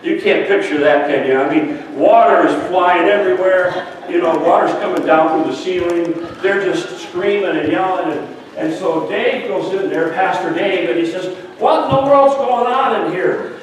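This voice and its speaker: An older man preaches a sermon, chatting with the congregation and telling playful stories. His voice sits a touch high and carries from a distance. The church is very echoey, with a faint hiss behind him. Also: moderate pace. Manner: storytelling with playful asides to the congregation. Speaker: pastor. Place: church sanctuary. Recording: echoey church hall from far off.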